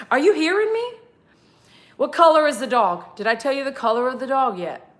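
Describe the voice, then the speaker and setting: A woman groomer telling a lively story to her livestream viewers, acting out the dialogue and laughing often. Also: moderate pace. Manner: animated, laughing, acts out dialogue with big pitch jumps.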